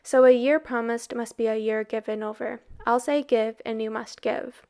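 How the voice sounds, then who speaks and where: Woman voicing a mysterious bargaining old man, solemn, slow, coaxing, storybook reading, slightly raised voice. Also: fairly high pitch, fairly even intonation, creaky, a little mellow, clean tone.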